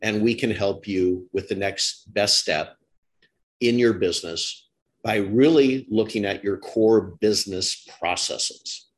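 A man's voice: on the low side, takes it slowly. A middle-aged man hosting an interview, talking in long rambling stretches with restarts and self-corrections. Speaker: podcast host. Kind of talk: casual interview chat.

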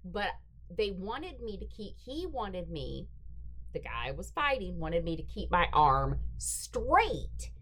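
Middle-aged woman, podcast host, low-pitched voice, expressive storytelling, acts out dialogue. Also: slow pace. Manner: animated, acts out quoted dialogue. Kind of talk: casual storytelling.

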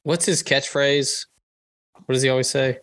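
A man co-hosting a podcast in loose, joking chat, swearing freely and tossing in quick asides. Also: medium pitch, steady tone, a bit bright. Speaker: podcast co-host. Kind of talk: casual chat.

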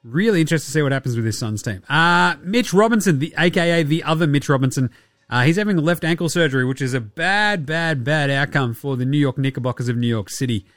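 A young Australian podcast host delivers casual basketball commentary quickly, his fairly bright, high-leaning voice full of lively intonation. Sarcastic and foul-mouthed, he often imitates the people he discusses in mocking tones. Clean studio sound, no room noise.

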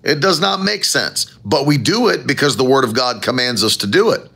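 A man preaching a sermon as pastor, with animated, emphatic rising phrases and a gravelly voice. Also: mid-range voice, brisk.

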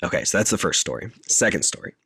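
A man's voice: low voice, lively intonation, fast, gravelly, bright, forceful tone, husky, no echo, clean studio sound. A man casually retelling a film's scenes in detail on a podcast, talking in a loose, filler-heavy way. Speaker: podcast co-host recapping a film. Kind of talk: casual chat.

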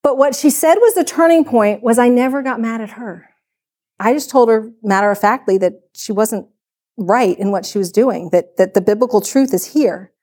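A woman's voice: on the high side, moderate pace, darkish tone. A woman who leads a church's discipleship and women's ministry, a podcast guest telling a story in a chatty, frank and earnest way. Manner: chatty storytelling, acting out quoted dialogue.

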